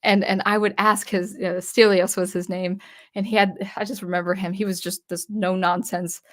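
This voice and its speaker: A woman's voice: medium pitch, level tone, moderate pace, fairly bright tone. A woman hosting her channel, casually recounting a personal story with frequent restarts, asides and acted-out dialogue. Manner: acts out remembered dialogue with shifts in tone. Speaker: electronic music composer and channel host.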